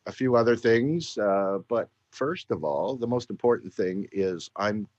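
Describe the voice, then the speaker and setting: A Canadian man hosts a casual talk show in a low, grumbling voice, tired and dry with a habit of swearing. His voice sits close to the mic in a dry space. The sound is a little dull and lo-fi. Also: animated, unhurried, darkish tone, no room sound. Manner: grumpy, dry and profane. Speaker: podcast host. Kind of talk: casual chat.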